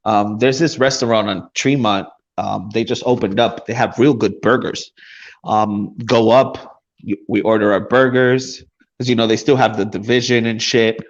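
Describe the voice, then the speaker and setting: A man's voice: on the low side, fairly even intonation, normal speed. Crude storytelling man, lo-fi sound. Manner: crude, profane anecdotes with many fillers. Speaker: podcast co-host. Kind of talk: casual chat, storytelling.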